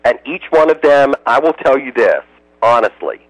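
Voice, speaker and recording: A man's voice: medium pitch, very animated, moderate pace, no room sound, muffled recording. An American man, a radio interview guest, telling emotional stories and slipping into other people's voices. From United States.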